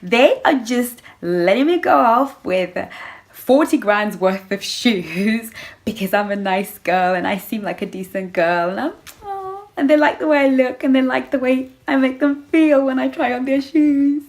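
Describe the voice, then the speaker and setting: A woman with a slightly high voice gives casual relationship advice to camera. She is animated and sassy, calling her viewers girl and slipping into playful character voices to act out her examples. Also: a little slow. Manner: animated, acts out little scenes with playful voices; sassy, addresses listeners as girl. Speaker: vlogger giving relationship advice.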